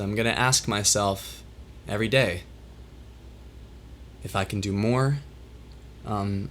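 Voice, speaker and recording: A man hosting a solo livestream and talking candidly to his chat, his voice worn as it recovers from being lost, and emotional. He speaks in a halting, reflective way with many restarts. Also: lowish voice, slight background noise. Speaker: livestream host.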